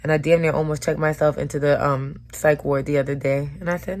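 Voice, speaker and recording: A woman's voice: deep voice, fairly even intonation, brisk, darkish tone. A woman vlogger talking frankly and emotionally into the camera, with casual slang and swearing. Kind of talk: candid personal vlog talk.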